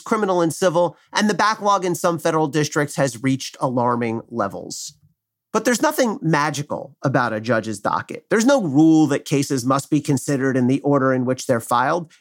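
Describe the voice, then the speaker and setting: A middle-aged man, a former prosecutor, reading an opinion commentary in a measured, wry, argumentative way. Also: fairly high pitch, fairly bright tone.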